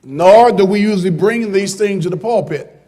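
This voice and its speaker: A man preaching a sermon as pastor from the pulpit, starting calm and building to loud, shouted preaching. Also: high voice, normal speed, big-room sound. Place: church sanctuary.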